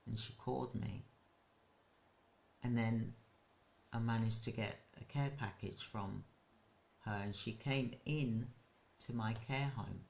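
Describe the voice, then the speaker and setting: Man, care business owner, hosts a casual live stream, slow and gravelly, halting delivery. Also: on the low side, steady tone.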